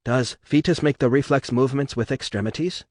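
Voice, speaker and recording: A man's voice: medium pitch, fairly quick, darkish tone, no echo, clean studio sound, voice pushed up, close to an everyday voice. A man doing a fussy, cold doctor in broken English. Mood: clinical. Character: fussy male doctor, cold and coldly curious.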